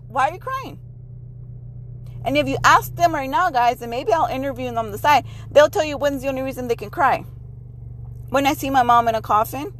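A woman's voice: high-pitched, fairly bright tone, slight background noise, poor audio. A middle-aged woman hosting a podcast in a blunt, emphatic casual monologue, now and then dropping in Spanish phrases. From Mexico heritage. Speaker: podcast host.

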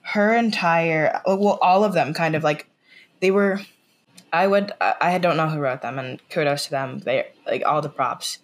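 A woman's voice: low voice, normal speed. An American woman chatting as a podcast guest. She rambles, fills her talk with "like" and restarts, and retells scenes by quoting the lines. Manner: rambling, full of "like" fillers and restarts. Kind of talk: casual podcast chat.

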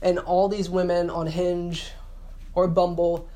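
A man's voice: high-pitched, completely flat delivery, takes it slowly, dark tone. A man ranting in a casual monologue, annoyed and sarcastic, sometimes mocking others in put-on voices. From San Francisco Bay Area. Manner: mimics women in mocking voices. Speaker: vlogger.

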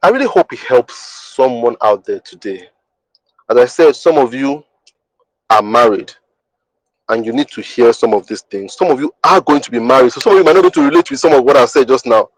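A man of ordinary pitch hosts a podcast and teaches in a monologue. He talks emphatically, repeats his points and keeps checking that the listener understands. His voice sounds dry and close. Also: expressive, fairly quick, no room sound, low-quality recording. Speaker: podcast host.

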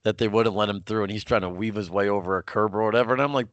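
Podcast co-host, young man, chatty and rambling, low voice, dead-dry recording. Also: fairly even intonation, racing, hardly any pauses, clear, resonant tone, dry recording, dull audio. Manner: rambling storytelling with many fillers and restarts. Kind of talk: casual sports podcast chat.

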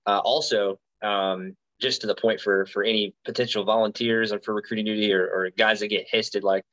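Low-voiced man from Alabama rambling. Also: little pitch movement, brisk, fairly bright tone, highs cut off. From Alabama, USA. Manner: rambling, frequent fillers and restarts. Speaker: guest, Marine recruiter. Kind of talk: casual interview storytelling.

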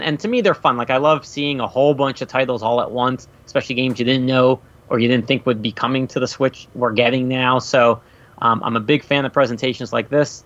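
A man's voice: mid-range voice, a bit bright, muffled recording. A man co-hosting a casual video game podcast, chatting loosely with lots of "like" fillers. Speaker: podcast co-host. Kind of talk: casual chat.

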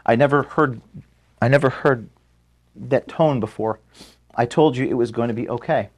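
A man giving a farewell address to his staff, filmed in an office room. He is close to tears and halting, and he stops to apologize as he speaks. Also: mid-range voice. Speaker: organization founder giving a farewell speech to staff.

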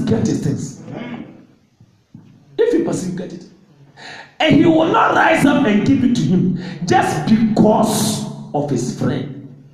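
A man preaching a call-and-response sermon, shouting and repeating phrases. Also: sits high. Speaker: pastor. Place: large church hall. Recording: very echoey church hall.

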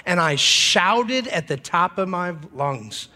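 Animated preacher man in a reverberant hall. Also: sits high, slow. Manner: animated, jumps to shouting. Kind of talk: humorous revival sermon. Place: church hall.

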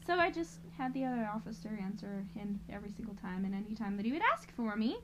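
A woman co-hosting a podcast who tells stories about her work as a prison officer in an animated, swearing way. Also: mid-range voice, fast talker, slight background noise, poor audio. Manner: animated, swears freely, acts out quoted voices. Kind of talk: casual storytelling chat.

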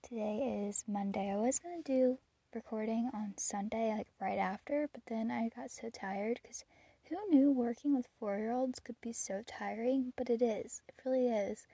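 A teenage girl chatting casually about her week as a podcast host, rambling with fillers and soft laughs, a little out of breath. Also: fairly high pitch, breathy edge, no room sound. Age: teens. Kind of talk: casual personal chat.

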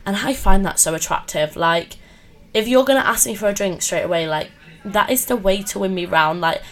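A woman's voice: mid-range voice, moderate pace. Chatty young woman. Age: 20s. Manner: chatty, animated, many fillers and laughs. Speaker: podcast host. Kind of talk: casual storytelling chat.

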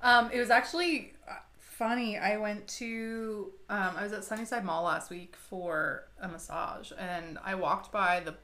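A woman co-hosting a podcast, a relaxed listener who answers with short agreeing replies. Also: medium pitch, measured pace. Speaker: podcast co-host. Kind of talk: casual chat.

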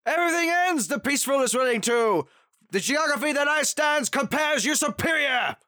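A man putting on a bombastic, badly dubbed male anime fighter, yelling in broken, overwrought lines. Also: extremely high pitch, moderate pace, voice pushed up. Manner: overwrought, garbled grammar, yelled.

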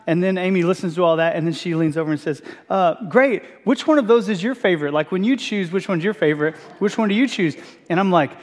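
A man's voice: fairly high pitch, big-room sound. A man preaching a sermon as pastor, telling a funny personal story with self-mocking asides. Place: church sanctuary.

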